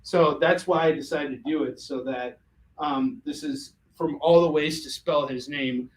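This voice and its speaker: An American man hosting a livestream, selling comics and chatting casually in an animated, jokey way with many fillers and restarts. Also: on the high side, a little slow, low-quality recording.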